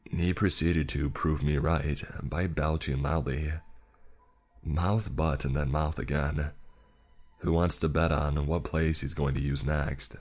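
A man with an extremely deep voice narrates a first-person horror tale. He takes his time, leaning into dry, sarcastic asides. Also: fairly even intonation, slow pace, darkish tone. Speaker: storyteller.

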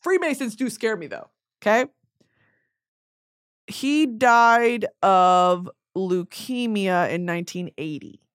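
A woman's voice: medium pitch, slow, smooth. A young woman hosting a podcast in casual chat, rambling off on tangents and swearing freely. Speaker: podcast host.

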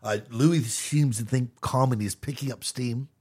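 A man's voice: mid-range voice, normal speed, a little mellow, husky. A man co-hosting a podcast, making his points in casual debate. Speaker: podcast co-host.

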